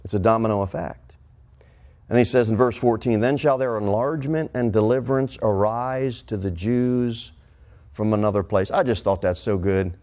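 Emphatic pastor preaching. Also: male voice, normal speed, darkish tone. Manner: preaching with emphatic swings in pitch and pace. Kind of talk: sermon.

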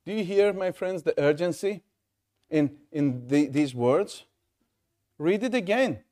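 A man's voice: a little high, expressive, unhurried, warm tone. A man preaching an evangelistic sermon in a church, urgent and pleading, with many rhetorical questions.

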